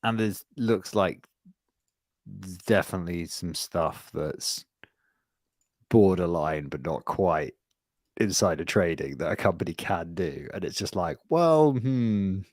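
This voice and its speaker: A man co-hosting a podcast, rambling and swearing through animated casual stories. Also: low-pitched, takes it slowly, no room sound, studio quality. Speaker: podcast co-host. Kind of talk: casual chat.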